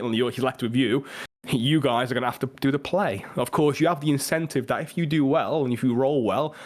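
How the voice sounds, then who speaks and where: Chatty male game master narrating. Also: mid-range voice. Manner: loose, chatty narration with fillers.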